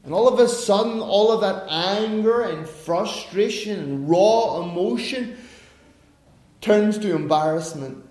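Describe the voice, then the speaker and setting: A man's voice: sits high, unhurried, darkish tone. A man preaching a sermon in a conversational way, now and then acting out the voices of the people in his story. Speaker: pastor. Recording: echoey room.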